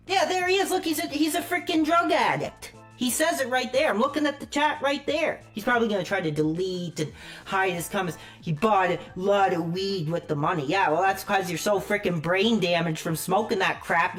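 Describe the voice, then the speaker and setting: A woman livestreaming a furious rant, swearing constantly and stumbling over her words. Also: mid-range voice.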